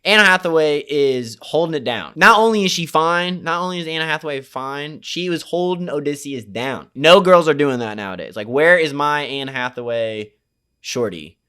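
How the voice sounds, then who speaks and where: A man's voice: fairly high pitch, expressive, moderate pace, sharp tone, clear, resonant tone. A young man giving a casual, slang-heavy and profane movie recap, rambling with lots of fillers. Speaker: movie reviewer.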